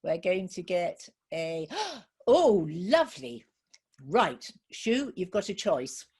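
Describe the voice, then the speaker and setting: A woman telling a children's story live to an online audience, gently encouraging and asking listeners for ideas. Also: on the low side, big pitch swings, slow pace, breathy edge.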